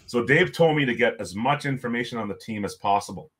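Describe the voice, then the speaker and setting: A middle-aged man, a podcast guest, telling a story in a lively way and chuckling often. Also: medium pitch, fast talker. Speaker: podcast guest, former hockey coach. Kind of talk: storytelling in conversation.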